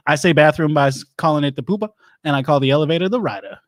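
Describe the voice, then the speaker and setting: A man playing a rambling, divorced doomsday-prep lecturer who hosts an improvised comedy show, talking in halting, deadpan stops and starts. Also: fairly high pitch, dry recording, clean studio sound, natural voice.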